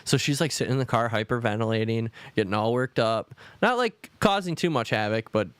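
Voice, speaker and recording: A man's voice: mid-range voice, animated, a little fast, clean tone, dry recording. A man co-hosting a podcast in casual chat, telling rambling stories, swearing often and acting out quotes. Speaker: podcast co-host.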